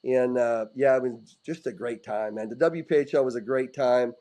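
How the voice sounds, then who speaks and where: A middle-aged former hockey player, appearing as a guest in a casual interview, tells rowdy stories with lots of animation, frequent restarts, and casual swearing. His voice is mid-range at a normal speed, and the recording is low quality.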